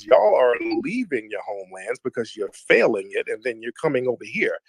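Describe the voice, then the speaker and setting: A man's voice: mid-range voice, big pitch swings, moderate pace, vocal fry, husky, dry recording, low-quality recording. A man hosting an online audio show, roasting a caller in a mock-formal way and calling her ma'am.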